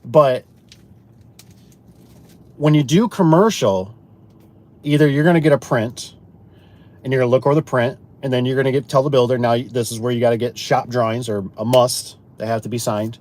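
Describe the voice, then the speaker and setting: A man's voice: medium pitch, moderate pace, pauses often. A man speaks in a loose, chatty way about his trade as a garage door installer, with a voice in the middle range for a man. He slips into the voices of customers and co-workers as he tells his stories, and he often stumbles and repeats a word before he goes on. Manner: animated, acts out quoted customers and himself; repeats words when restarting. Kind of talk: casual storytelling chat.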